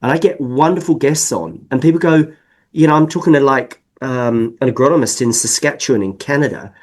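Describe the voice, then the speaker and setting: A man from England with an accent mixed with New Zealand, speaking as a guest in a podcast interview and explaining at length in an animated, emphatic way. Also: medium pitch, brisk. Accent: mixed English and New Zealand. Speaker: sales consultant guest.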